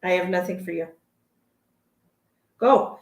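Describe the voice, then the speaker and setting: A woman's voice: fairly low pitch, fairly even intonation, normal speed, fairly bright tone. A woman hosting a casual psychic livestream from home, chatty and tired, greeting viewers by name and swearing freely. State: tired from early work hours. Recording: echoey room.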